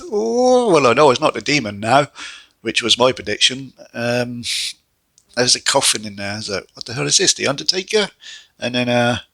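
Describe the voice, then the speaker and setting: Young guy, casual review host, gravelly, dry close sound. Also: medium pitch, normal speed, dry recording. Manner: chatty, animated, exasperated asides. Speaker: wrestling reviewer.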